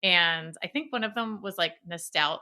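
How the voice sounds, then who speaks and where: A woman hosting a podcast interview, expressive and chatty, tossing in personal asides before her questions. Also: fairly low pitch, normal speed. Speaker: podcast host. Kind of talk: casual interview.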